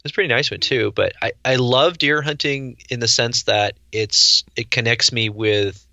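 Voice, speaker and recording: A man's voice: mid-range voice, normal speed, pushed and bright, dry recording. Dry, wry middle-aged man, dull sound. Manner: dry, wry storyteller who acts out voices. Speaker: guest chef and hunter. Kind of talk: casual interview chat.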